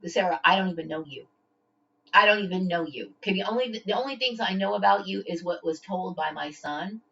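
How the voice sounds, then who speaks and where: Woman vlogger with a low voice, confrontational rant, constant "okay?", dull lo-fi sound. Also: fairly quick, vocal fry, a bit bright. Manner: confrontational, repeats "okay?" often; stammers and restarts when upset. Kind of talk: direct-to-camera rant. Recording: dull lo-fi home recording.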